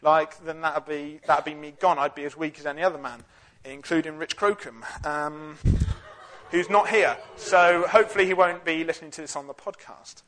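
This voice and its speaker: A man's voice: on the high side, fairly even intonation, moderate pace, fairly bright tone, natural voice, poor audio. A man voicing a boastful biblical strongman in a casual, offhand way with modern slang.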